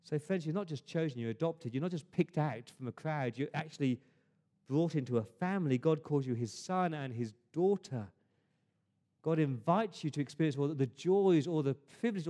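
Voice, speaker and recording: At a church service, a pastor with a warm, expressive, rather high voice preaches to his congregation at a moderate pace. He is earnest, frequently restarts words and poses rhetorical questions.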